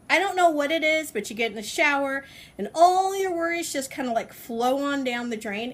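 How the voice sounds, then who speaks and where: A woman's voice: high voice, a bit bright. A woman in her forties talking casually on a self-help vlog, chatty, laughing often and stretching her words. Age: 40s. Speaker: vlogger. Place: outdoors on a balcony.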